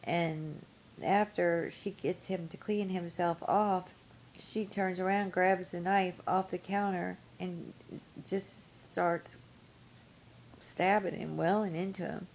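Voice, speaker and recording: A woman with a somewhat low voice recounts a story in a loose, rambling vlog manner, full of ums and you-knows. A faint hiss and low rumble sit under the recording. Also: fairly even intonation, slow pace, a little mellow, poor audio. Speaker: vlogger. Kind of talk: casual storytelling to camera.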